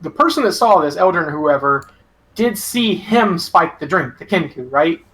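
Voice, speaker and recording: A man playing a tabletop game, talking quickly and checking details with the group. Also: a little high, expressive, sharp tone. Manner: quick, checking details, hesitant when in character. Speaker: player. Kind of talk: casual game talk and in-character speech.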